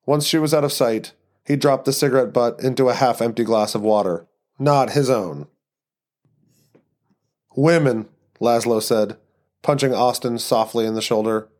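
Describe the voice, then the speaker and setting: Man, podcast host, scripted narration, even measured storytelling, mid pitch.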